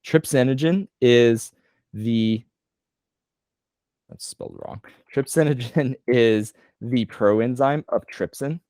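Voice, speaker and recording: A man tutoring a student on a video call, explaining loosely with casual slang and quick self-corrections. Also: mid-range voice, darkish tone, dry recording, clean studio sound. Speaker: medical tutor.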